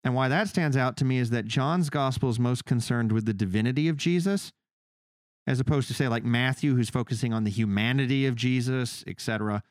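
A man's voice: mid-range voice, fairly quick, dry recording, clean studio sound. A man co-hosting a podcast in a casual faith discussion, talking animatedly and acting out the people he quotes. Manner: animated, acts out quoted speakers in his retelling. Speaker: podcast co-host.

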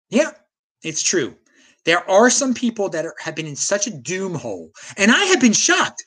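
Male host, combative livestream ranter, very lively pitch, frequent stammered restarts. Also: normal speed, slightly rough. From United States. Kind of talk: ranting livestream commentary, reading viewer chat.

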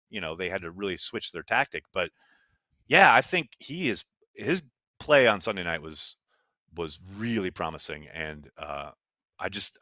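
A man's voice: low-pitched, sharp tone, no room sound. A man co-hosting a casual sports podcast, talking emphatically with frequent exclamations. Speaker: podcast co-host.

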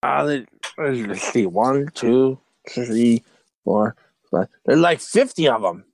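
A man voicing a goofy, excitable character in a tabletop role-play. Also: medium pitch, slow pace, rough recording.

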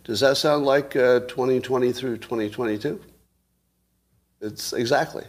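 A man's voice: medium pitch, normal speed. A man hosting a casual solo commentary, musing aloud, asking rhetorical questions and chuckling to himself. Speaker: show host commentator.

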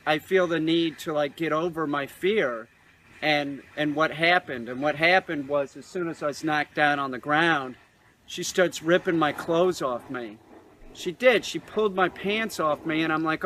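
A man telling a rambling, halting confessional story outdoors, repeating himself and growing distraught. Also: on the high side, a bit bright. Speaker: man in a confessional video clip. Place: outdoors in a dry creek bed. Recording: noisy outdoor video clip.

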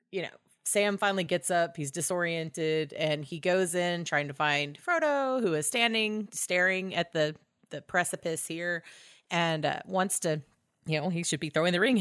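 A woman co-hosting a podcast, recapping a film in casual chat, laughing often, swearing and acting out lines in quick voices. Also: fairly low pitch, expressive, fairly bright tone, smooth, dry recording, clean studio sound. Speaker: podcast co-host.

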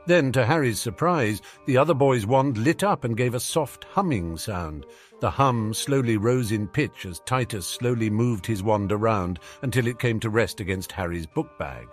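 A man narrating a fan fiction audiobook with an expressive reading. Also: medium pitch, moderate pace, faint music behind.

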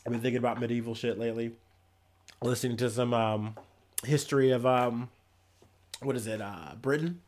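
A man's voice: medium pitch, steady tone, moderate pace, pauses often, a little mellow, a little hiss or hum. A young man hosting a casual news podcast, rambling and swearing with many fillers and restarts. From Ohio.

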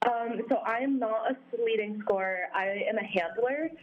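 A woman's voice: fairly high pitch, normal speed, narrow, tinny audio, a little hiss or hum. A young woman from Vermont, a guest in a casual interview, speaking cheerfully with frequent ums. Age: young adult.

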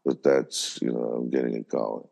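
A man's voice: extremely low pitch, steady tone, normal speed, gravelly, mellow. A man co-hosting a podcast, rambling loosely in casual chat with profanity. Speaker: podcast co-host.

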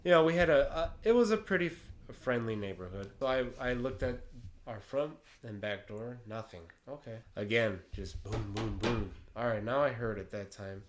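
A man casually telling a story, animated, swearing now and then and laughing through the tense parts. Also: mid-range voice, moderate pace, noisy background.

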